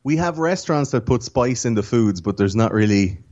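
A man's voice: mid-range voice, expressive, fairly quick, a little mellow, dull audio. An Irish man, a podcast guest, chatting casually and telling stories in an enthusiastic, rambling way. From Ireland. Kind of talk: casual chat.

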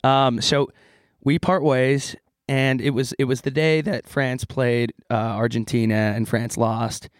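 A young man co-hosting a casual podcast, from California, telling stories with lively put-on voices. His voice sits at a middle pitch and sounds close and dry. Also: measured pace, no room sound. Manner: animated storyteller, puts on voices for the people in his story. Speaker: podcast co-host. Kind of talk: casual chat.

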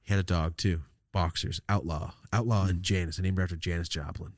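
A man from California in his thirties tells a story in an animated, rambling, profane way, with a fairly low voice. The sound is dry and close, with no room behind it. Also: a little fast, no echo. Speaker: podcast host. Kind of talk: casual storytelling.

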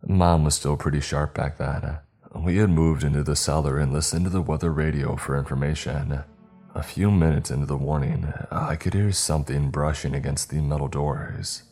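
A man narrating a horror story in a measured, steady way. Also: rumbling low, husky, soft background music.

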